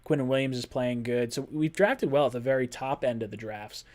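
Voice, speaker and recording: A man hosting a live-stream sports podcast, talking casually and playfully with his chat, with quick bursts of speech. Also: medium pitch, a little mellow. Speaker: podcast host.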